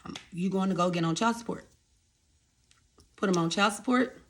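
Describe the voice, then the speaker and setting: Woman, young, vlogger storytelling straight to camera, animated, talks to viewers as y'all, mid-pitched voice. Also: moderate pace, a little hiss or hum. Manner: animated, addresses viewers as y'all, repeats phrases. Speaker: vlogger telling her life story.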